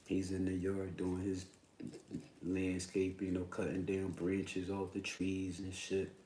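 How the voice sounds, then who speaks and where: Low voiced guy ranting on a live stream, mic kinda far off, faint hiss. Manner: animated, profane, fast-rising emphatic bursts. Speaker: livestream host. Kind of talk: casual storytelling rant. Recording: roomy echo, distant mic, faint noise.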